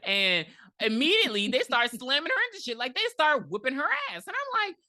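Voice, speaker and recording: A podcast co-host with a high, fairly quick voice recaps a movie in casual, profane chat, animatedly acting out the characters' lines in quotes. The sound is studio quality with no echo.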